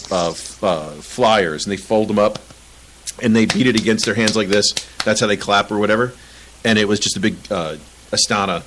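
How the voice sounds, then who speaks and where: A man's voice: lowish voice, a bit bright, poor audio. A man co-hosting a casual soccer podcast, ranting with lots of swearing and frequent laughter. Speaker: podcast co-host.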